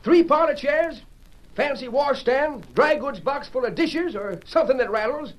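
An actor playing a cantankerous old frontier wagon driver in a 1940s radio drama, with a folksy drawl. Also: male voice, normal speed. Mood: hollering, defensive. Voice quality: high, cackling old-timer drawl. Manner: folksy, plain-talking.

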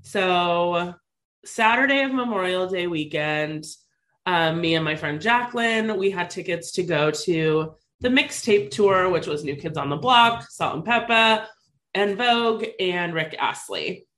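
Fairly low in pitch and measured in pace, a woman in her thirties casually tells a co-host about something from her own life. She's animated and chatty, with plenty of "like" fillers.

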